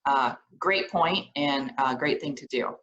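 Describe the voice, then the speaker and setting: A woman leading a social skills lesson for students, animated and often checking in with short questions. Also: a bass voice, a little slow, dull audio, slight background noise. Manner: animated, keeps checking in with "okay?". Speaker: program director teaching social skills. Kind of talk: lively classroom video lesson. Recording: echoey room.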